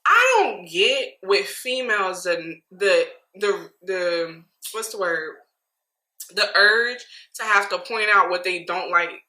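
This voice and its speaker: A woman recapping reality TV in casual, opinionated chat, speaking animatedly with quick asides. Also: medium pitch, expressive, bright, forceful tone, roomy sound.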